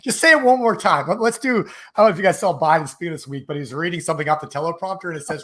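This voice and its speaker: A man with a bright, sharp, slightly high voice, co-hosting a live market stream. He teases his partner and laughs easily as he reads out the news. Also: animated, quick pace. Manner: teasing, laughs often. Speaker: co-host.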